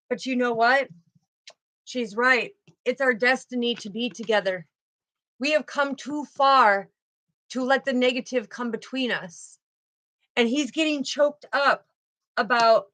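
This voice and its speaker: A woman delivers a spiritual tarot reading in a bright, somewhat high voice. She is emphatic and repeats her key phrases. The sound is close and dry. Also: measured pace, no room sound. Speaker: tarot card reader.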